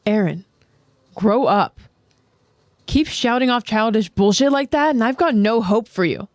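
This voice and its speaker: A blunt young woman soldier, as a man puts her on, raised in pitch and lively in tone, mocking and dismissive. The voice sounds a little set back from the mic. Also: a little slow, dry recording, studio quality. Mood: scornful.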